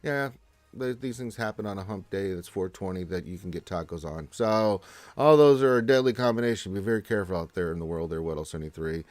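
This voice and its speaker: A man's voice: deep voice, fairly quick, darkish tone, dry recording, soft background music. A man hosting a gaming livestream, casually reading viewer messages aloud and answering them in a laid-back way. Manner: laid-back, reads chat aloud in a lifted voice. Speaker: livestream host reading chat.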